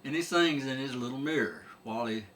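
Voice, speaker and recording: A man voicing a pet store owner with a chirpy sales pitch, pushing one more add-on. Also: expressive, brisk, a bit bright, a little hiss or hum, close to an everyday voice. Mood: eager. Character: eager middle-aged male pet store owner, pitching extras.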